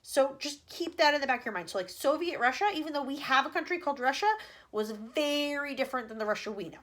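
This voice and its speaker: A woman's voice: high-pitched, lively intonation, quick pace, a bit bright. A woman teacher reading a chapter book aloud to children, breaking off for chatty asides.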